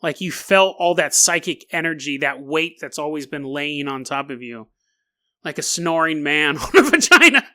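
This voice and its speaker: A man hosting a comedic podcast monologue, talking in an animated, mocking way and laughing often as he reads. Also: fairly high pitch, moderate pace. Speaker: podcast host.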